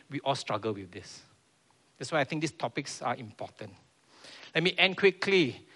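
A man's voice: fairly high pitch, fairly bright tone. A man preaching a sermon in a church, earnest and repeating his key phrases.

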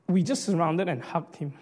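Earnest high-voiced pastor in a reverberant hall. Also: male voice, darkish tone. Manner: earnest, halting, with many restarts and fillers. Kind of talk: emotional sermon.

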